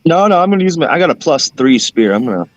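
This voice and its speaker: A man's voice: fairly high pitch, sing-song, quick pace, crowd noise. Joking, swearing man playing a tabletop game. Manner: loose, joking, swears casually. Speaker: player. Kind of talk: casual game-night chat.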